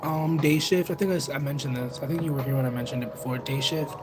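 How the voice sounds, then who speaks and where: A young man chatting casually with viewers on a livestream, rambling and second-guessing himself out loud. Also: medium pitch, steady tone, quick pace. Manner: rambling, self-conscious, overthinks aloud. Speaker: livestreamer and tarot reader. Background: music playing in the background.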